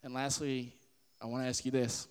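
A man's voice: medium pitch, level tone, normal speed, smooth. Earnest young man preaching in a hall. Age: 20s. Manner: earnest and conversational, with frequent laughs and fillers. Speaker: podcast host giving a faith talk. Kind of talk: casual spoken sermon.

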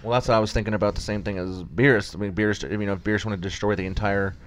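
A lowish-voiced man talks very fast as a podcast co-host in a casual chat, rambling through an episode recap. His retelling is animated, and he acts out the characters' lines as he goes.

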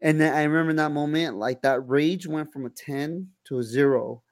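A young man with a gravelly, fry-edged voice chats casually as a podcast co-host. He talks loosely and swears a lot, full of "like" and "you know". The sound is dry and close. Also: a little high, moderate pace, no room sound. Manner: loose, heavy swearing, many fillers and restarts. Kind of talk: casual chat.

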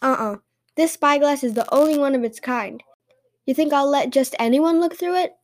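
Woman doing a mischievous little boy, loud, boastful, teasing, very high voice. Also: moderate pace, close to an everyday voice. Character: clever, mischievous little boy, cocky trickster.

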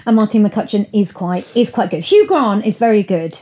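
A woman hosting a podcast, chatting about films in an animated way with frequent laughter. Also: medium pitch, moderate pace. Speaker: podcast host. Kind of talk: casual film chat.

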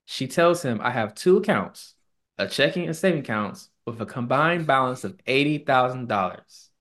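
On a casual podcast, a co-host tells a story with animation, mimicking the people in it through put-on tones. His voice is medium-pitched and he speaks at a normal speed.

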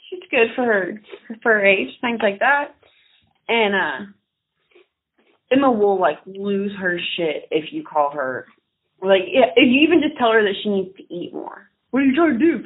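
A young woman telling stories in casual chat, acting out loud quotes with big swings. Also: mid-range voice, breathy edge. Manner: animated storyteller, swings into loud mock quotes. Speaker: podcast co-host. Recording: tinny phone-like audio.

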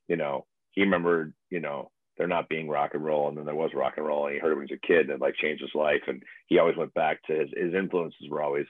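A man in his late forties talking in a rambling, excitable way, swearing freely in casual chat. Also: rumbling low, no room sound. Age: late 40s. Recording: tinny phone line.

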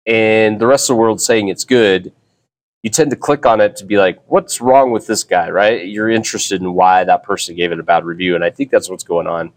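A middle-aged man chats on his own podcast in a loose, rambling way, often circling back to restart a thought. His voice sits on the lower side. The delivery stays relaxed and conversational. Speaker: podcast host. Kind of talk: casual solo podcast chat.

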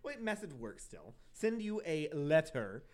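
A man's voice: a little high, sing-song, a little slow, darkish tone. A young man hosting a podcast, telling a true crime story casually, with profane asides and self-corrections. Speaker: podcast host.

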